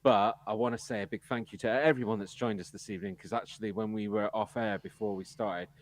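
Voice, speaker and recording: An English man co-hosts a casual live podcast, speaking frankly and with strong opinions through long anecdotes. His English accent shows some American habits. His voice is on the low side, steady and fast, with no room sound.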